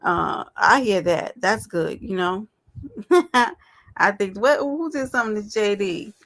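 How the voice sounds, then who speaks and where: A woman's voice: medium pitch, a little slow, a bit bright. A woman hosting a casual live stream, talking straight to her viewers in a chatty, affectionate way. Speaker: livestream host.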